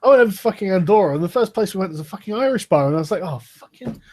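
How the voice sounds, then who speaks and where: A man's voice: high voice, expressive, racing, darkish tone, slight background noise. A man chatting casually as a guest, sarcastic and sweary. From England. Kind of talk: casual chat.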